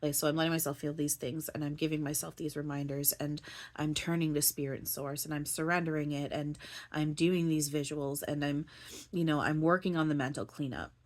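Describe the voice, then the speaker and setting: A woman with a low voice talks through her feelings in a loose, rambling monologue. She keeps restarting her sentences and leans on "like" and "you know". Her voice sounds close to tears. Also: little pitch movement, a little fast. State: near tears, voice breaking. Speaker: spiritual channeler and vlogger.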